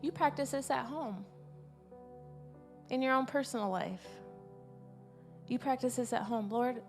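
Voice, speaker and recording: A woman preaching an informal sermon at a church service, earnest and repeating her key words, swelling louder on her main points. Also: high voice, measured pace, soft background music.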